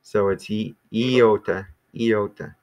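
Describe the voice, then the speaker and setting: A man teaching a small class in a relaxed, rambling way, with many ums and restarts. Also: lowish voice, slow. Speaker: Greek teacher.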